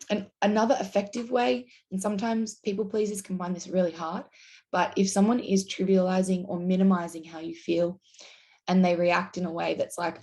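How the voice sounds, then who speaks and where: A woman's voice: on the low side, darkish tone. A woman giving casual, earnest advice straight to camera, acting out example lines as she explains. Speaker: YouTube host.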